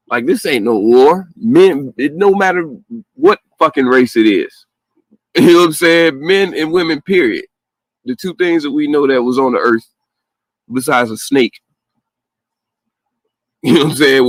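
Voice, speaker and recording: A man's voice: medium pitch, no echo. Profane ranting man, dry close sound. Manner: profane, animated ranting with laughs. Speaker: call-in show host. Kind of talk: casual late-night call-in rant.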